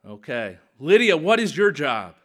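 A man in his thirties, a pastor preaching a sermon in an animated, conversational way. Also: on the high side, a little slow.

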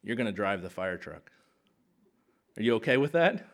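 A man in his thirties, a pastor preaching a sermon in an animated, conversational way. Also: fairly low pitch, moderate pace.

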